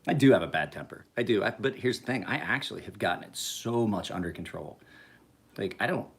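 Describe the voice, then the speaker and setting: Gruff, profane man rambling with chuckles. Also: on the low side, expressive, a little fast. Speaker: knife sharpener vlogger. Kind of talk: casual rambling monologue.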